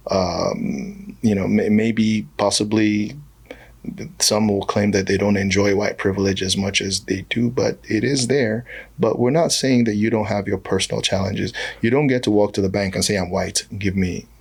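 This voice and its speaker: A man's voice: fairly low pitch, moderate pace, vocal fry, husky. A man from Nigeria, a comedian, telling jokes and stories in a casual podcast conversation. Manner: jokey, animated storytelling with voiced asides.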